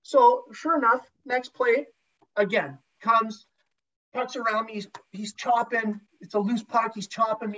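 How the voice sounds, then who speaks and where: A man's voice: sits high, fairly even intonation, measured pace, bright, forceful tone. Man, ex-goalie, casual storyteller, profane, rambling, muffled lo-fi sound. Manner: profane, rambling anecdotes with many restarts. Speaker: podcast guest, former pro hockey goalie. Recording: dull lo-fi sound.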